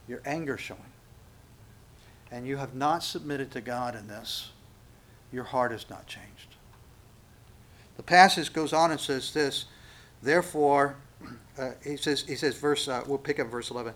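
A middle-aged man preaching a sermon as pastor, acting out quotes and asides in an animated way. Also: medium pitch, normal speed. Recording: faint background noise.

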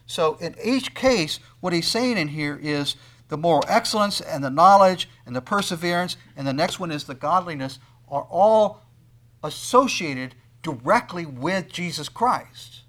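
Male preacher, a touch high-voiced, dynamic sermon delivery that acts out the people he quotes. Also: lively intonation, unhurried. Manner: swings between loud emphasis and quiet asides; acts out quoted speakers in conversational tones. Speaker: pastor.

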